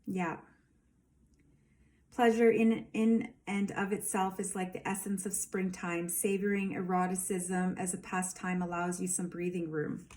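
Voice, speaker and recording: A woman's voice: on the low side, flat delivery, a little slow, a little mellow. A woman giving a casual tarot reading, emphatic and rambling, with lots of fillers. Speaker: tarot reader.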